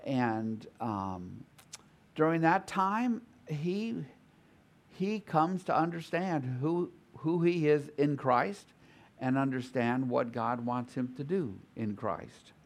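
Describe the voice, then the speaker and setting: A man teaching a small Bible study group at an unhurried, deliberate pace. He thinks out loud, repeating and reworking phrases as he explains a passage. His pitch sits in an ordinary middle range for a man. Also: animated. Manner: thoughtful, repeats and restarts phrases while reasoning aloud.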